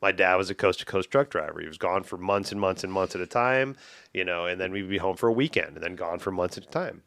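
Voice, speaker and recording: A man in his forties, hosting a casual podcast and telling stories in a profane, animated way. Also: deep voice, fast talker, no echo. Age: 40s.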